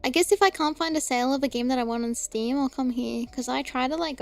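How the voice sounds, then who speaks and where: A young woman streamer chats casually, her voice sitting high. She laughs a lot and drops the odd swear word. Faint music plays quietly underneath. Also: fast, gravelly, hardly any pauses. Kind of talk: casual chat.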